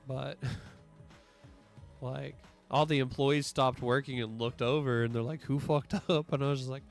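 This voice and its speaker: A man's voice: medium pitch, level tone, measured pace, vocal fry, soft background music. Rambling, profane man streamer. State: voice strained from allergies. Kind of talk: casual stream chat.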